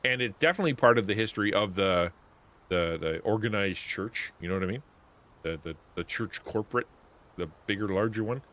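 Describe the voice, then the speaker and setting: A man's voice: fairly low pitch, lively intonation, a little fast, fairly bright tone. A man livestreaming a video game, talking in a rambling, chatty, self-interrupting way. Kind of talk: casual gameplay commentary.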